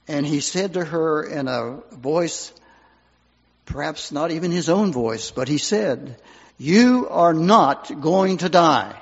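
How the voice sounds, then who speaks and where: A man's voice: fairly high pitch, gravelly, a little mellow, breathy edge. An older man, a pastor, delivering an earnest funeral sermon, his voice swelling and dropping for emphasis. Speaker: pastor giving a eulogy. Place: church sanctuary. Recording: muffled hall recording with long reverb.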